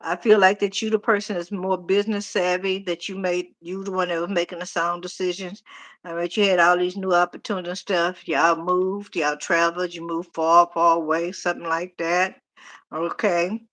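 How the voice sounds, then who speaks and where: A middle-aged woman, casually reading tarot on a live stream, animated and talking straight to viewers. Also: fairly low pitch, normal speed. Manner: chatty, animated, talks to viewers directly. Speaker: tarot reader.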